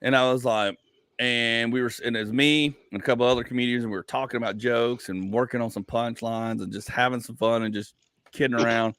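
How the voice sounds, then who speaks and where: Male comedian host, animated storyteller, rambly, restarts a lot, dry close mic. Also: mid-range voice, brisk, clean tone, no echo. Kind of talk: casual podcast chat.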